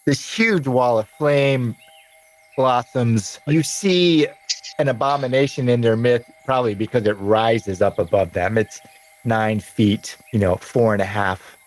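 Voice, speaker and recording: Man, game master, tabletop narration, slow measured delivery, mid-pitched voice. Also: rough recording. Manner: unhurried, drawn-out scene narration.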